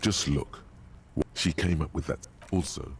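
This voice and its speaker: A man's voice: very deep voice, a little slow, vocal fry, slightly rough, faint music behind, full character voice. A man giving grave, ominous scripted narration as a detective's inner voice in a video game.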